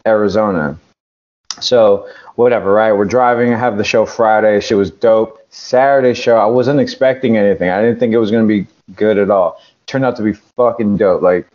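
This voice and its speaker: A man's voice: lowish voice, a little mellow, lo-fi sound. A man from California, a pro wrestler guest, telling a rambling, profane story in casual chat and acting out the other people's lines. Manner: profane, rambling, acts out quotes.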